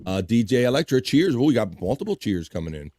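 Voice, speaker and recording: A man's voice: medium pitch, big pitch swings, fast talker, warm tone, dry recording. A man with a Baltimore accent hosts a live stream show, chatting loosely, laughing a lot and cursing casually. His voice sits in a middle register and sounds dry and close to the mic. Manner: laughs often, swears casually. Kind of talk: casual chat.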